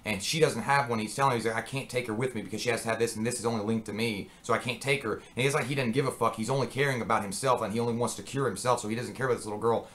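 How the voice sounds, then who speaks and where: A man chatting about a film at a quick clip, rambling and swearing freely as he restarts his sentences. His voice sits at a middle pitch. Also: fairly even intonation, a bit bright. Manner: rambling and profane, with frequent restarts. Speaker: movie review co-host. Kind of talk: casual movie review chat.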